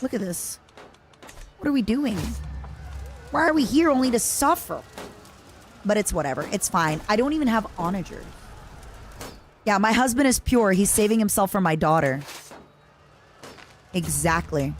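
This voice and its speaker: A woman's voice: medium pitch, lively intonation, normal speed, long pauses. Chatty woman streamer, dramatic asides. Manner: chatty, dramatic, talks to chat and the game. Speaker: VTuber streamer. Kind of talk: casual gameplay commentary.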